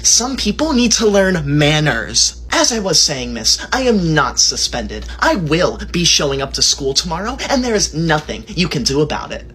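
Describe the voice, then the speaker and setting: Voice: medium pitch, a bit bright, slightly rough, exaggerated voice. A performer playing an entitled, bossy schoolkid in a comedy skit, talking in a haughty, scolding, mock-formal way. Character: bossy entitled schoolkid who bullies classmates. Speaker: content creator.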